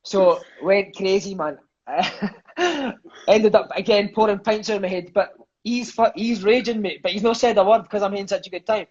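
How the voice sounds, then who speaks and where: Lively Scottish man telling football stories. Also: high-pitched, normal speed. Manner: animated, swearing, peppers lines with "mate". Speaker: interview guest, former footballer. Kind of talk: casual storytelling chat. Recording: dull lo-fi sound.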